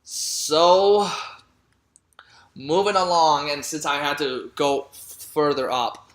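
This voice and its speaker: A man's voice: fairly high pitch, steady tone, slow pace, fairly bright tone. A man giving a casual movie recap, rambling and full of fillers and restarts. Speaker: movie reviewer. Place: room at home. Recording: roomy echo.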